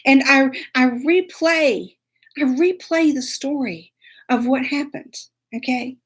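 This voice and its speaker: A middle-aged woman telling a comic story, animated and dramatic, acting out the scenes. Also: high voice, measured pace, slightly rough. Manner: animated, dramatic, acts out scenes with whispers and sound effects. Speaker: storyteller host.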